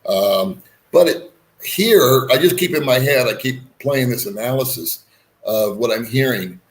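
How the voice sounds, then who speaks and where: Male host, casual chat, rambling and frank, mid-pitched. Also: expressive, measured pace. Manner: rambling, frank, folksy asides.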